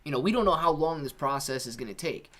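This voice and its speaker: A man's voice: a little high, lively intonation, quick pace, a bit bright. A man hosting a live stream, chatting casually with viewers, reading out their comments and answering in a laid-back, slangy way. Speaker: livestream host.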